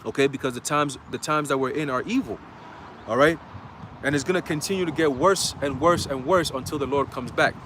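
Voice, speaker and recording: A man's voice: mid-range voice, a little fast, a bit bright, a little hiss or hum. A man preaching a casual livestream sermon in a loose, conversational way, full of fillers, reading scripture aloud.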